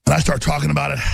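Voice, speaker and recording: A male radio talk host in full rant, his voice high-pitched and gravelly with a husky edge. He lurches between shouted tirades and low muttered asides, recorded dry and close on a studio broadcast mic. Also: no room sound. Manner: ranting, swings from shouted outbursts to low muttering. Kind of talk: fiery on-air rant.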